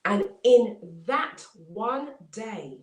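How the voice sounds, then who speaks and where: A woman's voice: on the high side, sing-song, extremely slow. A woman motivational speaker telling an inspirational story with dramatic repetition. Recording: roomy, distant mic.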